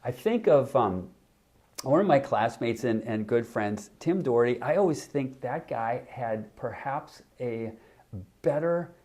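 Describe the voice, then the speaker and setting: A man in his sixties, a podcast guest, telling an animated anecdote in casual chat with frequent restarts. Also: medium pitch, unhurried. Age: 60s. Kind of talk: casual storytelling.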